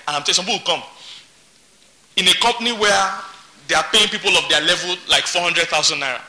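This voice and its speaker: A man's voice: sits high, fast, long pauses, bright, forceful tone. A man preaching a sermon as pastor, emphatic and repeating his words. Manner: emphatic, repeats words, laughs between points.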